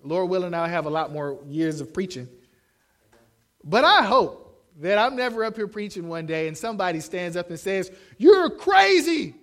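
Animated young male preacher. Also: sits high, moderate pace. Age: young adult. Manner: animated, acts out shouted quotes. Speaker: pastor. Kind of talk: sermon.

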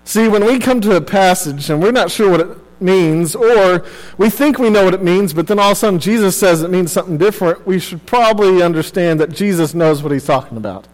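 A man's voice: high voice, a little fast. A young man preaching a sermon as a pastor, earnest and conversational with repeated phrases and casual asides. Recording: long hall reverb.

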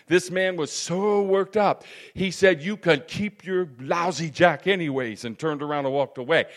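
A man preaching a sermon with fervor, dropping to near-hushed asides and rising to loud emphatic bursts, peppering his talk with "praise God" and "amen.". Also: high-pitched.

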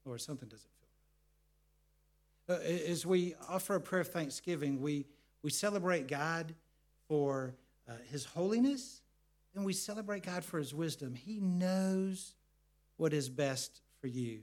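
A man's voice: a little high, a little slow, darkish tone. A middle-aged man preaching earnestly, often repeating words as he explains. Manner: earnest, repeats words, tells family stories. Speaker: pastor. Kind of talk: sermon.

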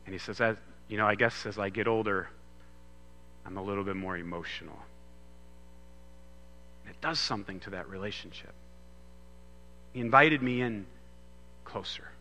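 A man's voice: on the low side, moderate pace, pauses often, bright, forceful tone. A man preaching a sermon on a Father's Day morning, in a loose, conversational way with frequent restarts. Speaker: pastor. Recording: long hall reverb.

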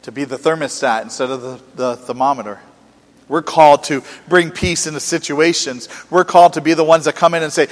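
A man preaching a sermon earnestly, asking rhetorical questions and swinging between soft and emphatic delivery. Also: on the high side, fairly quick. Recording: long reverb from a hall.

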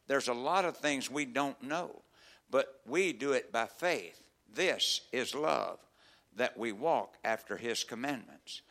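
A man preaching a sermon, moving from quiet, measured teaching to loud, near-shouted preaching, with stammers and repeated words. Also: mid-range voice.

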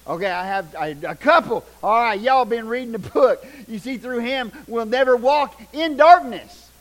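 An older man preaching a sermon, telling folksy stories, loud one moment and hushed the next. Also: extremely high pitch, normal speed, low-quality recording. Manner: folksy, animated, shouts punchlines, drops to hushed tones. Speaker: pastor. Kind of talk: sermon with storytelling.

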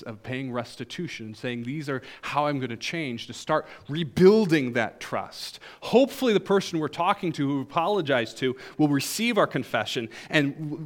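This sermon comes from a male pastor who tells stories as if chatting, with a wry sense of humor. His delivery alternates between emphatic high moments and soft, low-voiced asides.

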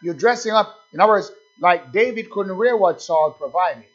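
A man's voice: high-pitched, animated, moderate pace. A man preaching a sermon, emphatic and repetitive, calling out "amen" between points. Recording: dull lo-fi sound.

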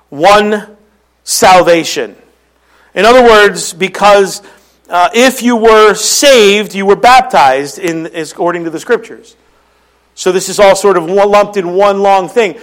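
Slow and fairly bright in tone, a pastor's notably high voice carries a Philadelphia accent through his sermon. He earnestly reads verses aloud, then explains to his congregation what each one means for them.

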